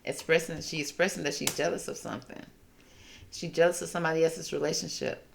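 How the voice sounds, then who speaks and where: A woman's voice: deep voice, steady tone, fast talker, creaky, a little hiss or hum. A woman hosting a tarot reading, talking in a sassy, gossipy way and calling listeners honey and baby. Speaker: tarot reader host. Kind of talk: casual tarot reading commentary.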